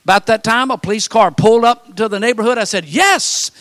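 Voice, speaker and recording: High-voiced pastor preaching a sermon. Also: male voice, fairly even intonation, a bit bright. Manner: storytelling with acted quotes and dramatic pauses.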